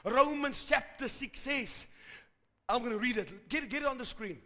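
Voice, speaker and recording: A man preaching a fervent sermon to a live congregation, rising to shouts at its peaks. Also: very high-pitched, moderate pace. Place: large church hall. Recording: hall reverb from a live service.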